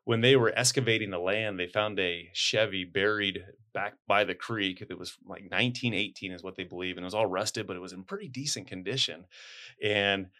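A man, a high school principal, talking in a chatty, upbeat way with joking asides in a casual interview. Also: a little fast, sharp tone.

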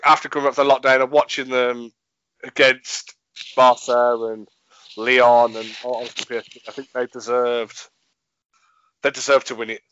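A man's voice: mid-range voice, flat delivery, a little slow, fairly bright tone, no room sound, highs cut off. A man hosting a casual football podcast, blunt and swearing, laughing often. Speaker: podcast host.

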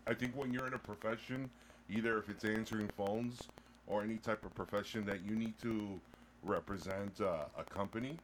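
A man who works as a voice actor, co-hosting a podcast in casual chat, animated and quick to laugh. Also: fairly low pitch, slight background noise. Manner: animated, laughs often, jumps in over his co-host. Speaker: podcast co-host.

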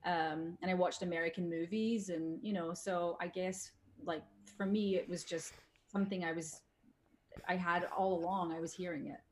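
A woman's voice: on the low side, steady tone, moderate pace, darkish tone, slight background noise. A Scottish woman, a veteran voice actor, chatting as a guest in an interview, swearing casually and talking with plenty of fillers. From Scotland. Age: middle-aged.

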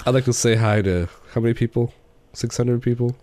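A man's voice: mid-range voice, fairly even intonation, fairly quick, dark tone, dry recording. A man co-hosting a film review podcast, talking casually and laughing often. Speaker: podcast co-host.

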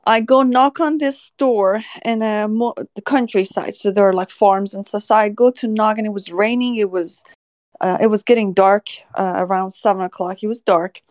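A woman's voice: medium pitch, a little mellow, no echo. A woman animal services officer telling a story casually on a podcast, often laughing as she talks.

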